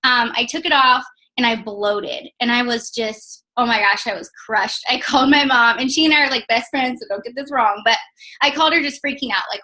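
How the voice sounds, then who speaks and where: A woman's voice: fairly high pitch, a little fast, sharp tone, poor audio. A young woman telling her personal story in a casual testimonial, chatty and full of "like" and "um". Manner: chatty, many fillers like "like" and "um". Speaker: network marketing distributor.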